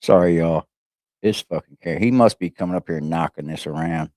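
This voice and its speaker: A man's voice: deep voice, moderate pace, darkish tone, no echo, clean studio sound. A man hosting a casual livestream, greeting chatters by name in a loose, profane, playful way. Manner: profane, slangy. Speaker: livestream host. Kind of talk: casual live-chat roll call. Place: home. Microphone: fixed camera on a stabilizer.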